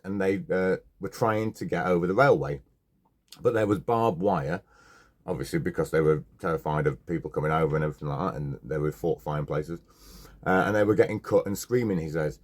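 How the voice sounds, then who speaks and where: A man's voice: deep voice, a little fast. A man co-hosting a casual podcast, retelling a story with a joking, chatty manner and plenty of fillers. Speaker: podcast co-host.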